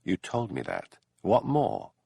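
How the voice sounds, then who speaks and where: Man voicing eager young woman, wide-eyed, slightly defensive, husky, dry. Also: sits low, huge pitch swings, slow pace, warm tone, dry recording, exaggerated voice.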